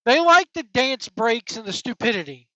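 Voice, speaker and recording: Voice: mid-range voice, very animated, normal speed, pushed and bright, no room sound. A wrestling podcast host on an angry, profane opinion rant, blunt and heated. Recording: dull lo-fi dry recording.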